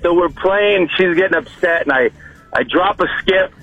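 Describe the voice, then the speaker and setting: A middle-aged man calling in to a radio show, telling a story with an animated, stammering delivery. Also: high-pitched, moderate pace, phone-quality sound, faint music behind. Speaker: caller. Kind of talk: phone-in story.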